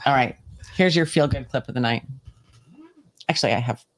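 A woman's voice: rumbling low, moderate pace. A woman hosting a podcast, chatting casually while cueing up clips. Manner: chatty, playing clips for co-host. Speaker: podcast host. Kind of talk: casual chat.

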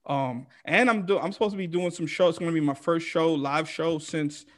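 An energetic New comedian talks in street slang and swears freely. His voice is a little higher than most men's. He tells his stories with animated bursts. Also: a little fast. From New York, United States. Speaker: comedian guest. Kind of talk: casual podcast chat.

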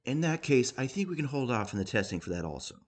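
A man voicing a falsely cheerful male doctor who talks in a bright, sing-song way. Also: mid-range voice, big pitch swings, quick pace. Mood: chirpy.

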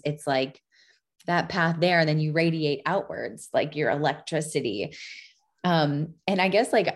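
A woman with a somewhat low voice hosts a podcast. She talks in a chatty, enthusiastic way, with loose phrasing and easy fillers. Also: darkish tone. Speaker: podcast host. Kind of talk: casual podcast conversation.

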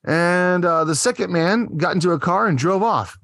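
A man's voice: high-pitched, moderate pace, dry recording, clean studio sound. A man co-hosting a podcast, tipsy, rambling and swearing as he reads out odd news stories in casual banter. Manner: profane, rambling and animated. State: tipsy from drinking. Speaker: podcast co-host.

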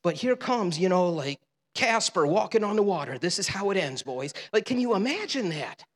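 A man's voice: high voice, very animated, moderate pace. A male pastor preaching a sermon in a conversational, humorous way in a church sanctuary. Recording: long reverb of a large hall.

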